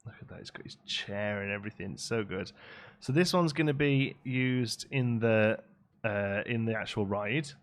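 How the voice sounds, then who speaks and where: A man's voice: fairly low pitch, normal speed. Chatty man streaming a game. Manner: chatty, answers chat, trails off while building. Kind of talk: casual live-stream commentary.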